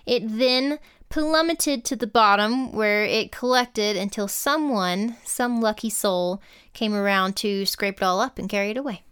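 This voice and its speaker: A woman's voice: mid-range voice, a little slow, a bit bright, clear, resonant tone. A woman co-hosting a casual history podcast, reading out prepared facts and then cracking dry jokes. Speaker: podcast co-host.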